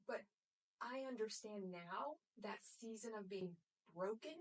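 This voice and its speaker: A woman's voice: medium pitch, takes it slowly. Woman from Russia, native Russian speaker, middle-aged, reflective testimony, recorded far from the mic. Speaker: guest mentor. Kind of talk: testimony in conversation. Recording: distant mic, faulty audio.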